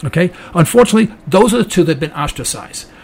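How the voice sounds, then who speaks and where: A man's voice: sits high, expressive, fast talker, vocal fry, darkish tone. An American man hosting an online talk radio show, delivering an indignant political monologue. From United States. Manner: indignant, ranting, mocking quoted voices.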